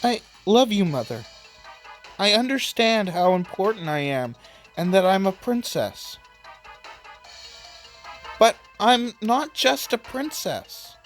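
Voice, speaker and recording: An earnest young princess, voiced by a man reading a video game, speaks softly and sincerely. Her lines move slowly with a lively rise and fall. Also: high-pitched, soft background music, voice pushed up, exaggerated voice. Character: earnest young princess, gentle but determined.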